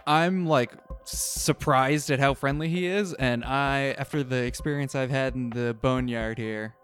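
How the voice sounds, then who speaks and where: A man at a tabletop role-playing game, chatting casually and eagerly about his character. His voice sits at a middle pitch with faint music behind. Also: unhurried, fairly bright tone. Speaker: player.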